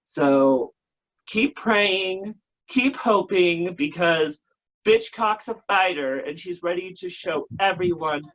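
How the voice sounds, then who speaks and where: A man's voice: high-pitched, expressive, slow pace, a bit bright. Campy emotional drag queen, lo-fi. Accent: American. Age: 30s. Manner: campy, emotional, crude joking. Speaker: drag queen talk show host, guest. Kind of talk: casual interview chat. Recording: dull lo-fi sound.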